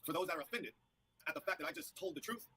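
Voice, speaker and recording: A man's voice: fairly high pitch, animated, pushed and bright, husky, no room sound, low-quality recording. A man defending himself in a heated interview, ranting angrily and swearing constantly. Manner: angry, profane, rapid-fire ranting.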